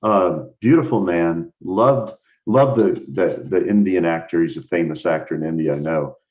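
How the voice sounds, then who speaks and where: A man's voice: low voice, moderate pace, muffled recording. An American man teaching a live math lesson over a video call, explaining with enthusiasm and thinking aloud as he goes. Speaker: instructor.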